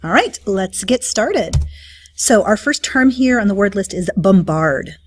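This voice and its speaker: A woman's voice: medium pitch, animated, a little slow, slight background noise. A woman teacher talking through a study guide review, explaining terms with frequent um and uh fillers.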